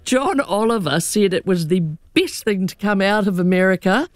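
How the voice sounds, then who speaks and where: A woman's voice: medium pitch, normal speed, no room sound. Chatty New woman panelist, laughing. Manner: animated, laughing storyteller. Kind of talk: chatty radio panel talk.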